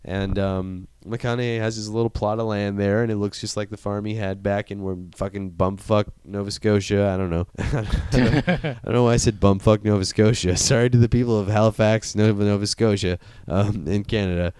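A man's voice: fairly low pitch, fairly even intonation, darkish tone, clean tone, no echo. A man recapping a movie in casual chat, joking, swearing and acting out the characters. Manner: profane, jokey, acts out characters in quick voices.

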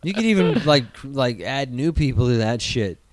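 A man's voice: mid-range voice, normal speed, no room sound. A man chatting casually on a podcast, rambling and swearing freely, often slipping into mocking impressions. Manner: rambling, profane, animated, jumps into mock voices. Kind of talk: casual chat.

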